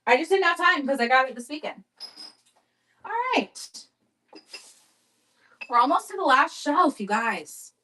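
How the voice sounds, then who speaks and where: A woman's voice: high voice, lively intonation, fairly quick, hardly any pauses, pushed and bright, recorded from a distance. A woman hosting a casual live-stream auction, chatting upbeat as she describes vintage items for buyers. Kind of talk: casual live-selling chat.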